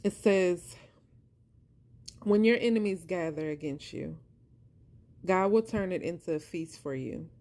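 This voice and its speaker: A woman's voice: fairly low pitch, unhurried, pauses often, dark tone. Passionate woman testifying, voice worn thin. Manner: passionate, preacherly, repeats herself for emphasis; addresses listeners as "y'all". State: voice wearing thin, close to tears. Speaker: vlogger sharing her story. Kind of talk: heartfelt faith-based monologue.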